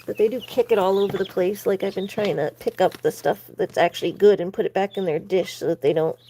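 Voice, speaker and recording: A woman hosting a casual livestream, reading out chat messages and talking to her baby chicks, sometimes cooing at them in a high baby-talk voice. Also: fairly even intonation, fairly quick, warm tone. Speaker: livestream host. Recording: noticeable background noise. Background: chirping chicks.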